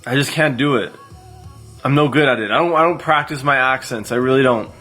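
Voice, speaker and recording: A man's voice: mid-range voice, brisk, pushed and bright, soft background music. A man in his late twenties chatting casually on a live stream, thanking viewers by name as he goes. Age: 20s.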